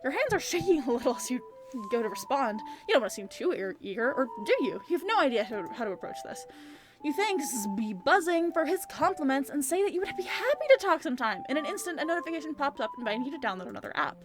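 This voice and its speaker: A woman narrates a visual novel aloud for her gaming channel, playful and animated, with casual swearing. Her voice sits high and rises and dips a great deal. Faint game music runs under her. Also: fast.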